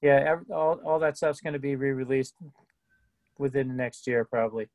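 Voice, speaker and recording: Middle-aged guy musician on a video call, relaxed storyteller, medium voice, dry sound. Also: mid-range voice, moderate pace, dry recording, highs cut off. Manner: laid-back storyteller, frequent restarts. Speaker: guest musician. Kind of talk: casual interview chat.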